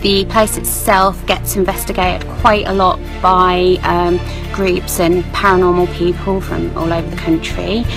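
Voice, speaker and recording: A woman and paranormal investigator casually announcing a live stream, relaxed and a bit hesitant. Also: lowish voice, a little slow, rough recording. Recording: voice with clear music behind.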